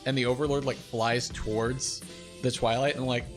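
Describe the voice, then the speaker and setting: A young man streaming, casually talking through a replay of his own game, animated and self-deprecating, laughing often. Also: mid-range voice, normal speed, over music.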